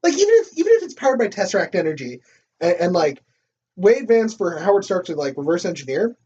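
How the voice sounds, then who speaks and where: A man co-hosting a casual movie discussion podcast, animated and laughing often as he acts out lines from the film. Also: high voice, quick pace, slightly rough. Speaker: podcast co-host. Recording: distant, dull lo-fi recording.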